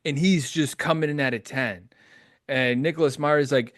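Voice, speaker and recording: A man hosting a casual podcast chat, excitable, laughing often and quoting lines. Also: fairly high pitch, moderate pace, dry recording, clean studio sound. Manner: excitable, laughs often, quotes the film in character. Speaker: podcast host.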